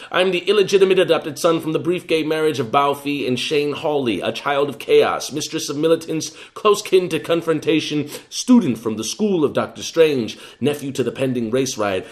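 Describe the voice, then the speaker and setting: A man's voice: medium pitch, close to an everyday voice. A man voicing a defiant, grandiose young male poet in an English accent, declaiming proudly. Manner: declamatory, proclaiming.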